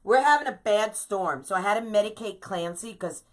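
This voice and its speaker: A woman's voice: medium pitch, expressive, normal speed. A middle-aged woman hosting a live crafting stream, talking casually and ranting emphatically, often tagging her lines with "okay?".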